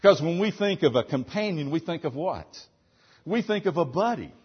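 A man preaching a sermon as pastor, asking rhetorical questions and driving points home with emphasis, loud one moment and soft the next. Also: on the high side, sing-song, normal speed, husky, lo-fi sound.

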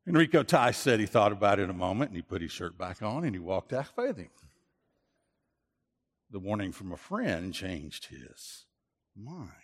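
A man's voice: on the low side, very animated, moderate pace, long reverb tail. A man pastor preaching a sermon, earnest and repetitive, often restarting his phrases. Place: church.

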